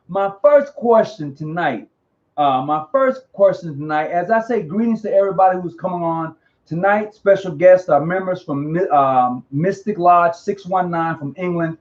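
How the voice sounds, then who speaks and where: A man hosting a casual live online interview, talking in an animated, slangy way and often repeating himself. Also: high-pitched, a little slow. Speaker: host. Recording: dull lo-fi audio.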